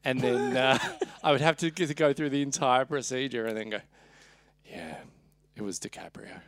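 A man's voice: mid-range voice, brisk, fairly bright tone, dry recording. A man co-hosting a podcast, chatting casually and hesitantly with many restarts. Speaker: podcast co-host. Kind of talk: casual chat.

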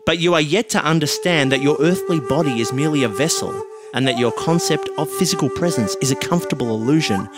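A man doing a slow, quiet old llama sage. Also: a little high, over loud music, lightly acted. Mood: solemn. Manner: speaks very quietly and slowly.

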